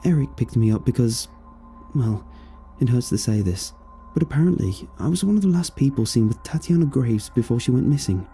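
A man's voice: mid-range voice, expressive, brisk, mellow, soft background music. A man in his fifties narrating a first-person story in a brooding, world-weary way.

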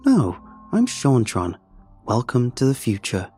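A man voicing a smug robotic male clone from the future, who speaks in flat, know-it-all pronouncements. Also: mid-range voice, unhurried, slightly rough, soft background music, full character voice.

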